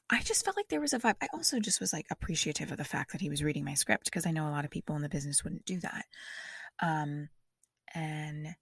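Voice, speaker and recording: A woman's voice: deep voice, gravelly, slightly rough, dry recording, studio quality. A woman podcast host trying out new stand-up material, chatty and self-deprecating, rambling through restarts as she tells a story. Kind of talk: stand-up comedy trial on a podcast.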